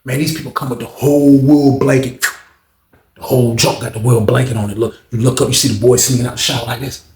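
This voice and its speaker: A man's voice: medium pitch, steady tone, fast talker, darkish tone, roomy sound, slight background noise. A man telling a story in a loose, casual way, full of slang, with "man" and "bro" at the end of his lines. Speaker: storyteller recounting prison life.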